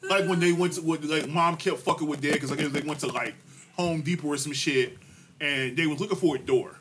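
A man's voice: a little fast, noisy background. A man in casual chat, telling family stories with a lot of profanity and slang, restarting his sentences and laughing through the punchlines. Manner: animated, laughs through his own stories, loud high bursts at punchlines. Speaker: podcast co-host telling a family story.

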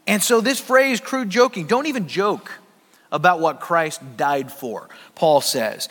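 A man with a high voice preaches a sermon in a long-reverberating hall. He pushes his points to loud, emphatic peaks, then drops low and quiet. His delivery is that of a pastor speaking to his congregation. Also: big pitch swings, slow.

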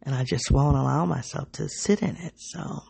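A woman hosting her own podcast, speaking in an introspective, halting, emotionally raw personal reflection. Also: rumbling low, gravelly, warm tone, slightly rough, dry recording. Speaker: podcast host.

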